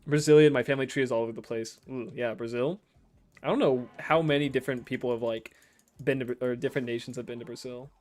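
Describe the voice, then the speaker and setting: A young man from the States chats loosely while streaming, reading messages aloud and riffing on them. His voice sits at an ordinary middle pitch, and he laughs often and swears without a second thought. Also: steady tone, fast, darkish tone. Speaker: game streamer. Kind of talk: casual chat while reading viewer messages.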